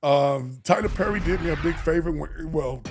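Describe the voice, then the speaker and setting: Middle-aged guy with a gravelly voice, fairly high, telling stories and doing everyone's voices. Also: normal speed, over music. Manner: animated, acts out voices in his stories. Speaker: actor guest. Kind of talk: casual storytelling.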